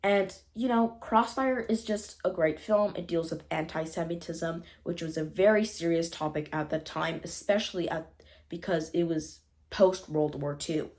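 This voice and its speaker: A woman's voice: lowish voice, normal speed, darkish tone. A young woman casually reviewing old films on her channel, rambling, correcting herself and apologizing often. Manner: chatty, rambling, frequent self-corrections and apologies. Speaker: film reviewer. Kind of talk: casual unscripted film review.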